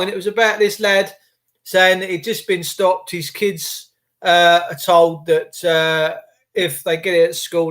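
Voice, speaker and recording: Middle-aged podcaster, high voice, animated, blunt, swears freely. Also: male voice. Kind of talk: ranting monologue.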